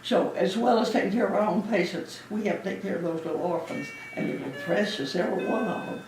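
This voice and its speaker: In an echoey room, with music in the background and a distant mic, a former Navy nurse in her eighties speaks fast in a medium-pitched voice. Her reminiscing interview is chatty and warm, with frequent laughter.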